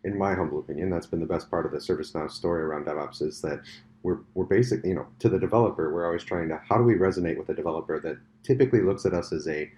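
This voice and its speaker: A middle-aged man hosting a podcast interview in a casual chat style, an animated storyteller with quick asides and restarts. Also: low-pitched. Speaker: podcast host. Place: conference venue.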